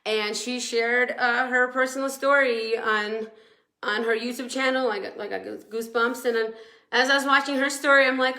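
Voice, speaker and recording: A woman's voice: on the high side, steady tone, moderate pace, bright, forceful tone, reverberant. A woman coaching a weight-loss group on a casual live stream, emotional and rambling, teary with a sore throat from crying and laughing often.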